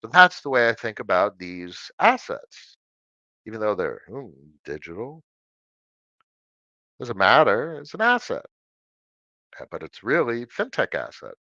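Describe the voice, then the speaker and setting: Man, middle-aged, casual livestream host, lively pitch, chatty, home desk, dry dull mic. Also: dry recording. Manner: animated, chatty, answers questions by reading them aloud. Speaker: crypto livestream host answering viewer questions.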